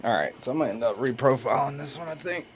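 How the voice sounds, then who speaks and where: A man with a Southern US accent hosting a casual livestream, talking slowly, stopping and restarting often, laughing and reading chat aloud. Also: mid-range voice, expressive, slight background noise. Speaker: host sharpening knives on a livestream.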